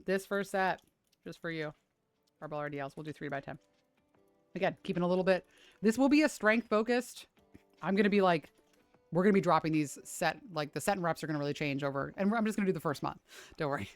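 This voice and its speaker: A woman's voice: on the low side, no room sound. A woman fitness streamer chatting casually on a livestream, swearing freely and ranting with lots of "like".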